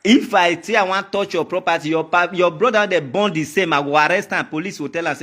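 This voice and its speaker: High-voiced taunting Nigerian man. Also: fast, few pauses, fairly bright tone. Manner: taunting and mocking, repeats his threats. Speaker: vlogger. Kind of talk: heated monologue to the camera.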